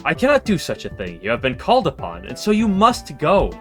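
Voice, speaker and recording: A man's voice: a little high, wildly swooping pitch, brisk, fairly bright tone, soft background music, pitched above the performer's own voice. A man voicing a prim, formal female messenger who teases politely, in a game read-through. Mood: formal teasing. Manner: courtly, formal diction.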